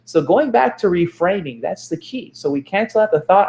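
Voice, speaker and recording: A man's voice: on the high side, lively intonation, fairly quick, vocal fry, few pauses, darkish tone, reverberant. A man giving a motivational self-help talk, repeating phrases for emphasis and correcting himself as he goes.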